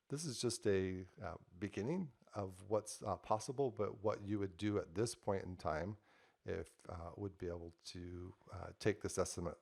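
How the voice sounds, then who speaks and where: Sitting at his desk, a software developer walks through a demo of his project in a casual screen-share tutorial. His voice is low and gravelly, and his delivery stays loose and conversational, full of ums and uhs as he types and explains each step.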